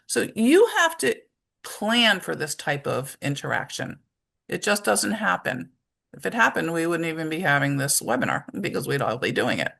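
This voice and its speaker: A woman's voice: mid-range voice, big pitch swings, normal speed, gravelly, pushed and bright. A woman presenting a webinar to parents and teachers, speaking conversationally and explaining her points through everyday examples.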